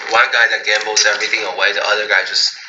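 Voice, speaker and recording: A man's voice: fairly low pitch, level tone, fast talker, bright, forceful tone, reverberant, a little hiss or hum, rough recording. A man co-hosting a video, chatting and joking casually. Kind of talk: casual chat.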